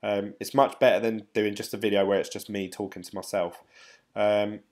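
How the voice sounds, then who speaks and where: Guy rambling on a live stream, bit low voiced, lots of ums. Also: flat delivery, moderate pace, a little mellow. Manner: rambling and chatty, with frequent "um". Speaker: crypto YouTuber, live-stream host. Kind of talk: casual live-stream chat, reading viewer comments.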